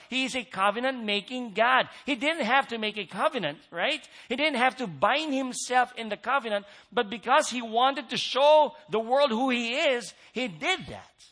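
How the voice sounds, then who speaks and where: A man's voice: high voice, sharp tone. A man preaching a sermon in an earnest way, repeating key phrases for emphasis.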